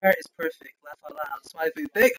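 A man's voice: fairly high pitch, huge pitch swings, fast, a loud crowd, poor audio. A man hosting a casual gaming livestream, reading chat aloud, laughing often and blessing viewers in churchy phrases.

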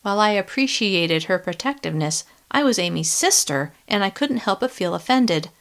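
A woman reading a first-person young adult novel in a steady, measured audiobook narration. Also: mid-range voice.

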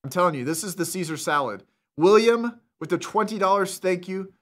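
A man's voice: sits high, fairly quick. Fired-up, taunting man host. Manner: fired-up, taunting, shouts bursts. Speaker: scam-baiting host. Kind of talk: casual streamer talk.

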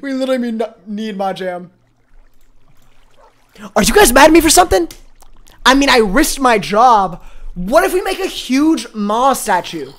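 A man streaming a game live, chatting with viewers, excitable and quick to laugh. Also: very high voice. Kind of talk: live gaming stream chat.

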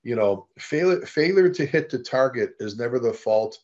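As a guest in an interview, a middle-aged fire service leader and author tells stories with animation, playing the people he quotes and often beginning sentences again. His pitch is average for a man, his pace moderate, and the recording dull and lo-fi.

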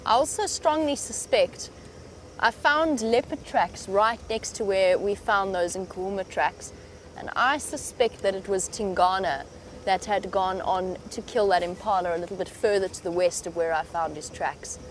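A woman's voice: medium pitch, normal speed, slight background noise. Chatty woman guiding a live safari. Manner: chatty and hopeful, hushed when near animals. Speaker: safari guide presenting a live broadcast. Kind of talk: live safari commentary from a vehicle. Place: open-air safari vehicle in the bush.

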